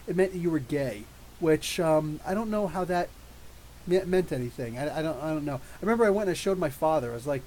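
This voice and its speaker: A man in his thirties hosting a live podcast, reading viewer questions and telling rambling, animated stories. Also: a little high, fairly quick, low-quality recording. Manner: rambling, animated storytelling with laughs. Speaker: podcast host. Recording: faint hiss.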